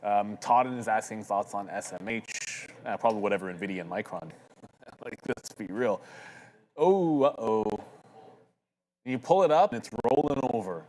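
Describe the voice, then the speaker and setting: A man's voice: fairly low pitch, animated, normal speed, a little mellow, low-quality recording. A man co-hosting a live trading show, chatty and upbeat, talking to viewers in the chat. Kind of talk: live market commentary chat.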